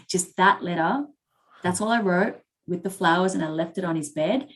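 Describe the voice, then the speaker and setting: Lowish-voiced woman telling a candid story. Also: moderate pace, a bit bright. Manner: candid, swears freely, emotional storyteller. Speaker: podcast co-host. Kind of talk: personal storytelling in casual chat.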